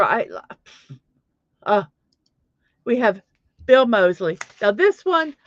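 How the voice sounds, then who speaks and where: A woman's voice: on the high side, no room sound. Chatty woman hosting a muffled stream. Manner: chatty, greets viewers by name, self-deprecating about stumbling over pronunciations. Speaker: livestream host. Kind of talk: casual morning livestream chat. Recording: dry, slightly muffled lo-fi audio.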